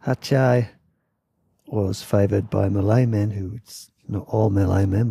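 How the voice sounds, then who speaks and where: A man's voice: fairly low pitch, vocal fry, dark tone, husky. A man with a Yorkshire accent hosting a podcast, telling travel stories in a rambling, chatty way with self-deprecating asides. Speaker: podcast host. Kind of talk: casual travel storytelling.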